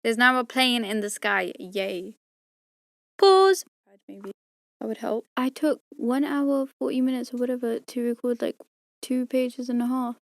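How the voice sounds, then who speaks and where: This woman sounds tired as she records audiobook outtakes at home, chatting casually, rambling and mocking herself between takes. Her voice is on the high side, gravelly and a bit bright, steady in tone at a moderate pace, and the recording is dry.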